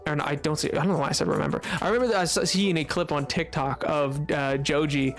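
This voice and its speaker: A live streamer talks loosely with viewers while playing, drifting between half-finished stories and replies to chat, with sudden squeaky yelps. The voice sits at a middling pitch, and some quiet music runs faintly underneath. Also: fairly even intonation, fast. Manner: rambling, answers chat, sudden high-pitched outbursts.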